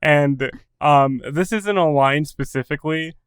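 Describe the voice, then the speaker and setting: Smooth-voiced man chatting casually. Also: fairly high pitch, a little slow, dry recording. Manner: animated, laughs often, acts out quotes. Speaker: podcast co-host. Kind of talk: casual chat recapping a TV episode.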